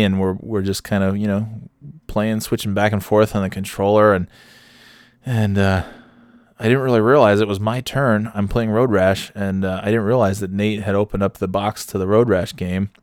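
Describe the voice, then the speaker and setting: Low-voiced man telling a profane anecdote. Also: flat delivery, normal speed, no room sound. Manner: profane, laughing often, rambling restarts. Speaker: storyteller. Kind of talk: casual personal anecdote.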